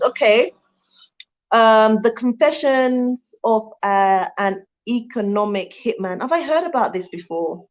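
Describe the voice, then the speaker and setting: Brief: chatty Jamaican-born woman hosting a livestream, mid pitch, slightly muffled audio. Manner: chatty, laughs often, thanks viewers warmly. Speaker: livestream host. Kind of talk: casual livestream chat reading viewer comments. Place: home in Rwanda.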